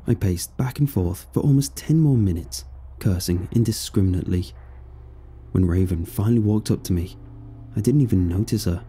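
A man's voice: fairly low pitch, moderate pace, dark tone, a little hiss or hum. A man in his fifties narrating a first-person story in a brooding, world-weary way.

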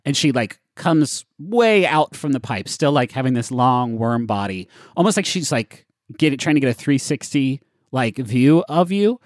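A man's voice: medium pitch, very animated, moderate pace, hardly any pauses, no echo, clean studio sound. Chatty man running a tabletop game. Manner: casual, chatty, lots of fillers. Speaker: game master.

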